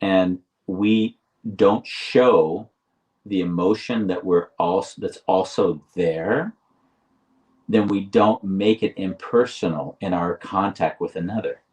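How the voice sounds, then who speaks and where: Low-voiced man talking from slightly off-mic. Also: a little mellow, far from the mic, rough recording. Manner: deliberate, restarts phrases, slows for emphasis. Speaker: podcast co-host. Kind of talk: reflective conversational explaining.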